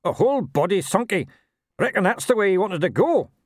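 A man voicing a tiny, nasty male gnome constable, gruff and cackling. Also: sits high, sing-song, fairly quick, no echo, studio quality, pitched above the performer's own voice, heavily acted. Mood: gleeful.

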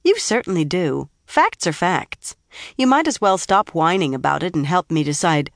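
Woman putting on a poised young woman, lifted pitch, amused and condescending, dry storybook reading. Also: big pitch swings, normal speed, gravelly, dry recording. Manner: cool and amused. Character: calm self-assured young woman, condescending.

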